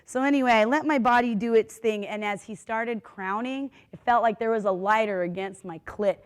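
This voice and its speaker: A woman's voice: on the high side, moderate pace. Candid woman telling her story. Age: older. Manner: vivid, candid, laughing as she tells it; acts out quoted voices with big swings of loudness. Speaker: panelist. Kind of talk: personal storytelling on a conference panel.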